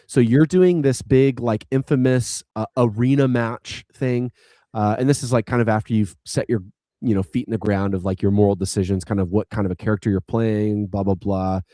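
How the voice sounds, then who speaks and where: A man's voice: on the low side, fairly even intonation, normal speed, mellow. A man talks through a video game plot on a podcast, rambling along with many likes and restarts. The sound is dry and close, with no room echo. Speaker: podcast co-host. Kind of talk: casual chat retelling a game story.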